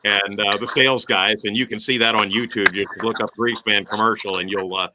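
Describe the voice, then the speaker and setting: A man's voice: lowish voice, steady tone, a little fast, a crowd in the background, rough recording. A man who is a radio broadcaster, chatting as a guest, rambling enthusiastically with many filler words. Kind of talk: casual chat.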